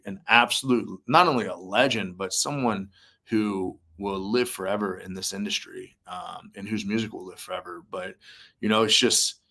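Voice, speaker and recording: A young man with a slightly low voice recounts meeting his heroes in a relaxed interview. He fills his talk with "like" and "um" and acts out the lines people said. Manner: animated storyteller, acts out quotes, many fillers. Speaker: musician and army veteran guest. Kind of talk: casual interview storytelling.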